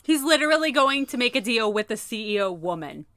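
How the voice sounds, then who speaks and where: Podcast lady, high bright voice that bounces all over, lots of laughing and swearing. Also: fairly quick, no echo, studio quality. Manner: animated, swearing, laughing often. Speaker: podcast co-host. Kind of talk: casual chat recapping an old sitcom.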